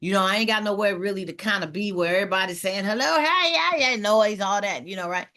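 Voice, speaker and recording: A woman hosting a casual panel chat who talks in a lively way and acts out other people's lines in quoted voices. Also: mid-range voice, fast talker. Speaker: host of a talk show panel.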